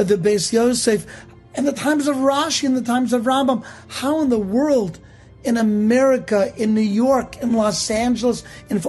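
A speaker delivering an inspirational holiday message in a mid-range voice. The talk builds by stacking repeated phrases and mixes in Yiddish and Hebrew words. Soft music plays faintly underneath. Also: medium pitch. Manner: impassioned, piling up repeated phrases.

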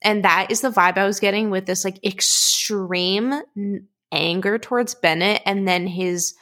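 Animated young woman, full of "like". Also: medium pitch, measured pace. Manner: animated, fills talk with "like", acts out quotes. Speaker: podcast co-host. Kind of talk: casual chat.

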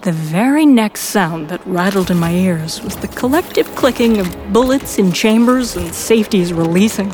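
A woman narrating a first-person fan audio drama in a steady storytelling manner. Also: mid-range voice, moderate pace, hardly any pauses, a little hiss or hum, rough recording.

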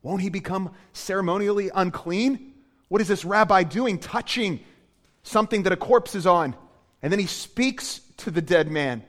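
A male pastor giving a sermon, moving between hushed, quiet passages and loud, emphatic preaching. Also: on the high side, animated, normal speed, long pauses, big-room sound. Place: church.

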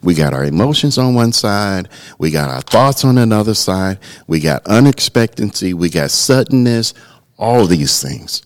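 A middle-aged pastor co-hosting a casual podcast speaks in a lowish, very animated voice at a moderate pace. He tells a personal story earnestly, often restarting and repeating words as he begins.

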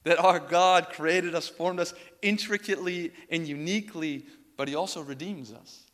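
A man's voice: fairly high pitch, moderate pace, a bit bright. A young man preaching a sermon, telling a personal story in a casual way with many filler words. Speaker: pastor. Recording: reverberant hall.

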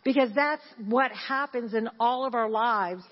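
Animated woman pastor in a church hall. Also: fairly high pitch, a little slow. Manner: animated, laughing, repeats phrases, chants. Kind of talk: sermon. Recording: dull sound in a reverberant church hall.

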